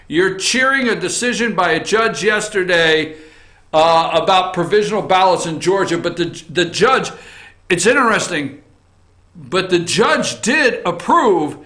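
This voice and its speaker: A man's voice: sits high, measured pace. Fired-up man giving opinions. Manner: animated, swings between loud outbursts and muttered asides. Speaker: host. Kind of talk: opinion commentary on news and politics. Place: office.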